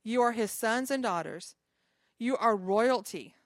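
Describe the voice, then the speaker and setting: A woman's voice: on the high side, measured pace, dry recording, clean studio sound. A woman pastor giving an informal sermon to a small group, talking conversationally with chatty asides between scripture readings.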